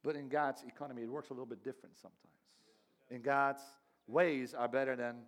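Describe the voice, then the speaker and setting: A man's voice: mid-range voice, fairly even intonation, quick pace. A middle-aged man, a pastor and father, preaching a sermon in an earnest, conversational way, often restarting phrases and laughing lightly.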